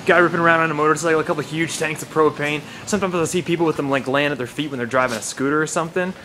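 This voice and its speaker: A man's voice: fairly high pitch, steady tone, rapid-fire, background noise. A man from Canada, vlogging casually on city streets with a handheld camera and rambling through stories with lots of "like.". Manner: chatty, rambling, joking asides with many "like"s. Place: city streets in Taiwan, outdoors.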